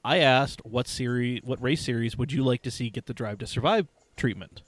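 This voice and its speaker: A man hosting a casual podcast chat, relaxed and detail-minded as he reads out listener answers. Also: medium pitch, moderate pace.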